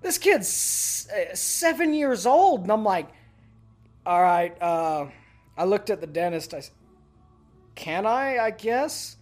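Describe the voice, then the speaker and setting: A man's voice: sits high, sing-song, takes it slowly, a little mellow, soft background music. A man in his thirties from Texas, a podcast guest telling profane, laughing stories in casual chat.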